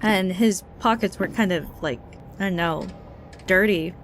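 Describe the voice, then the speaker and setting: A woman's voice: lowish voice, unhurried, slight background noise. A young woman streamer telling a story in a chatty, wry way, full of fillers and self-corrections.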